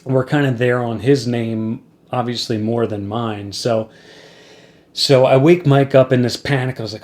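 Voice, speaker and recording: A man's voice: mid-range voice, measured pace. A man hosting a podcast, casually telling a wry road story to his guest and acting out the people in it. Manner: wry anecdote-telling, animated when acting out quotes. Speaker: podcast host and musician.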